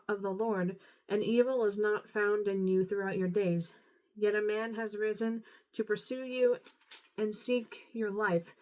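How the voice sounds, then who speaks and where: A tired woman reading scripture aloud, unhurried, now and then stumbling and apologizing. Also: mid-range voice, low-quality recording. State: tired, yawning. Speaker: Bible reader.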